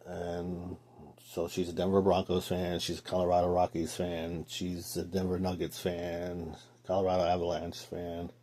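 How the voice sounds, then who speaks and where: Low-voiced man rambling about cards. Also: completely flat delivery, moderate pace, warm tone, slight background noise. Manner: rambling, digressive, with many fillers. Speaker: card collector. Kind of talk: casual storytelling vlog.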